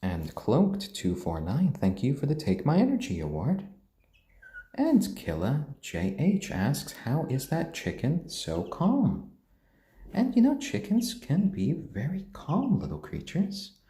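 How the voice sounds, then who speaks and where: A man with a mixed British and American accent, chatting gently on a live stream and cooing to his pets. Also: fairly high pitch, huge pitch swings, takes it slowly, echoey room. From born in Tokyo, raised British and American. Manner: gentle, soft-spoken, coos at pets. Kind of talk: casual live-stream chat.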